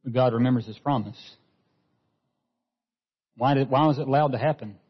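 A man's voice: mid-range voice, normal speed, slightly rough. A man preaching a sermon as pastor, earnest, often repeating a word as he restarts a phrase. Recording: dull lo-fi sound with long hall reverb.

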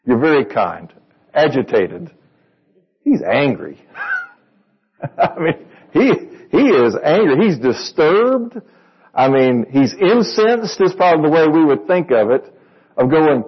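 A man's voice: a little high, very animated, measured pace, long pauses, breathy edge, lo-fi sound. A man preaching a sermon to a congregation in a conversational way, reading verses and asking them questions. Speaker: pastor.

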